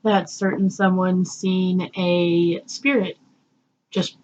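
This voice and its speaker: A woman speaking slowly and matter-of-factly in a played clip. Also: on the low side, flat delivery, darkish tone, highs cut off, a little hiss or hum.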